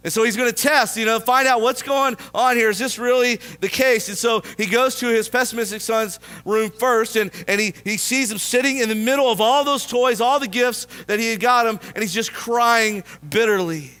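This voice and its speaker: Male pastor, high bright voice, storytelling sermon in a church, casual and conversational. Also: clean tone. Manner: storytelling, asking the congregation questions.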